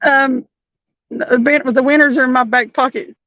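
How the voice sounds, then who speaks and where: A woman's voice: high-pitched, steady tone, unhurried, pushed and bright, no echo. A woman hosting a fishing livestream from a boat, chatting casually, giggling often and reading viewer comments aloud. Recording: dull muffled audio.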